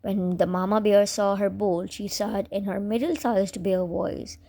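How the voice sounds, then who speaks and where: A woman reads a children's fairy tale aloud at an unhurried, deliberate pace. Her voice is mellow and soft, with a gentle storybook lilt. She sits at a middle pitch for a woman. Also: fairly even intonation.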